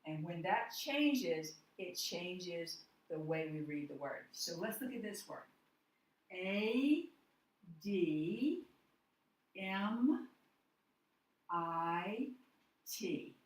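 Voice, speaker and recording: A woman teaching a phonics lesson, walking through each step slowly and spelling out words letter by letter. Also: fairly low pitch, very animated. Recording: echoey room, voice from far off the mic.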